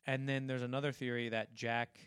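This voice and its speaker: A man's voice: medium pitch, level tone, brisk, a bit bright, smooth, no echo, studio quality. A young man co-hosting a casual film podcast, animatedly retelling scenes in a rambling way full of restarts. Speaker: podcast co-host.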